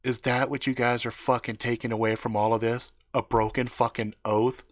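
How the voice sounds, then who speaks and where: A man's voice: medium pitch, flat delivery, normal speed, no echo, clean studio sound, lightly acted. A man voicing an exasperated young man who curses in disbelief. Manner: exasperated, cursing.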